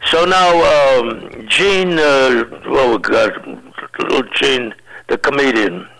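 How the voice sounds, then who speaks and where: An older man, a comedian, telling rambling, animated anecdotes in a casual interview. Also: medium pitch, slow, vocal fry, low-quality recording. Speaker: comedian guest.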